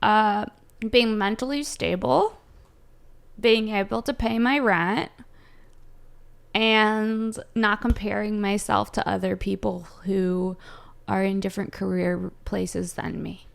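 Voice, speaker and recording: A young woman comedian from Southern California, chatting casually and ranting in a brash, profane way with sudden loud jumps. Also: mid-range voice, fairly even intonation, slow, creaky. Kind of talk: casual chat, answering viewer questions.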